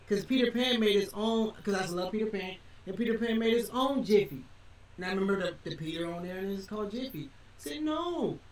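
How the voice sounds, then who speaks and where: A man with a high voice hosts a reaction video, rambling along and circling back over the same points. He restarts his sentences often and talks casually. He sounds distant from the mic in an echoey room. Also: slight background noise.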